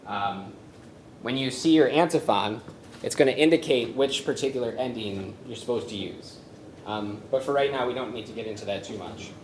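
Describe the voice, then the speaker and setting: A man presenting a workshop on chanting psalms, speaking haltingly with many fillers and humming melodies to show them. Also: mid-range voice, slight background noise. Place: conference room with a live audience. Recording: roomy echo from a lecture space.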